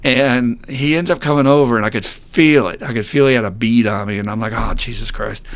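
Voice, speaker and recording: A male podcast host in a middle pitch who recounts his own past openly. He talks bluntly and mocks himself, drops curse words freely and breaks into laughter often. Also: a little fast, clear, resonant tone. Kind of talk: candid personal storytelling.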